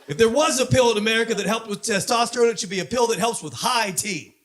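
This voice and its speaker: A man from Southern California doing a stand-up comedy set on a club stage, punchy delivery that builds to shouted punchlines. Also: very high-pitched, fast talker, very noisy.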